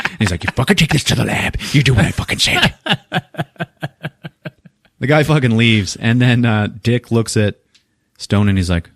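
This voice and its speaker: A man's voice: lowish voice, dry recording, studio quality. A man co-hosting a podcast, retelling a movie scene by scene in casual chat, swearing freely and acting out the characters' lines. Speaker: podcast co-host recapping a movie.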